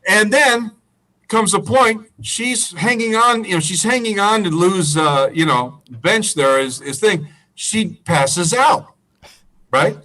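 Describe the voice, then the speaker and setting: A man, a musician, telling a profane, animated road story in casual chat, laughing and mimicking the people in it. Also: high voice, slow pace, distant mic, low-quality recording. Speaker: musician guest.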